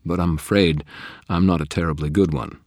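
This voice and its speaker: A silky, mock-polite young vampire aristocrat, as a man puts him on for an audiobook. He purrs his courtesies, with a husky grain under the raised voice, recorded close and dry. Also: low-pitched, steady tone, brisk, darkish tone, no room sound. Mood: playful probing. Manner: genteel, purring and mock-polite. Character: suave, cheerful young male vampire aristocrat. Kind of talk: audiobook character voice.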